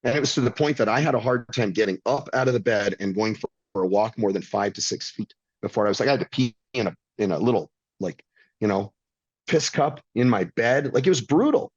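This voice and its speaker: A man's voice: fairly low pitch, a little fast, husky, no room sound, muffled recording. A middle-aged man telling a blunt, intense personal story as a podcast guest, swearing freely. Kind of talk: candid storytelling.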